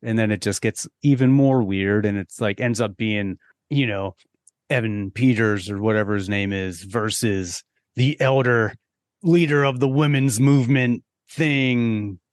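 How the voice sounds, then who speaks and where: A man's voice: on the low side, unhurried, no room sound, studio quality. A man co-hosting a podcast in casual chat, giving laid-back, exasperated, profane commentary. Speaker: podcast co-host.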